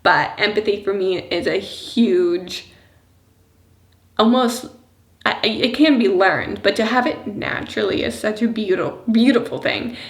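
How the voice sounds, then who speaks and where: Woman vlogger, mother of a young kid, casual and rambling with lots of fillers, middle pitch, echoey room. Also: a little slow. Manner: chatty and rambling, many "like" and "you know" fillers; laughs softly between thoughts. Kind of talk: casual personal vlog talk. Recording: roomy echo.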